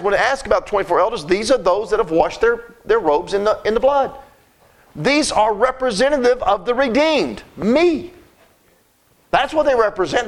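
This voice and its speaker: High-voiced man preaching a folksy sermon. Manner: folksy, emphatic, repeats words.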